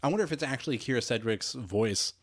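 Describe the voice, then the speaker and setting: A man co-hosting a podcast, talking in a relaxed, casual way. He recaps things with energy, laughs a lot and lets the odd curse word slip. His voice sits at an ordinary, middle pitch for a man. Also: quick pace, breathy edge. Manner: animated recapping, laughs often, swears casually. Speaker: podcast co-host. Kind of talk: casual chat.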